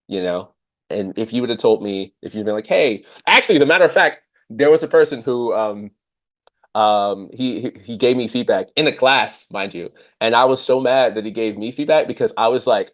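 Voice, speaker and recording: A man in his thirties talks casually on a podcast, his voice sitting low. He thinks aloud with plenty of fillers and now and then jumps up to act out what he once said. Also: moderate pace. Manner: reflective, many fillers, animated quotes of himself. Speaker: podcast host. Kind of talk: casual conversational chat.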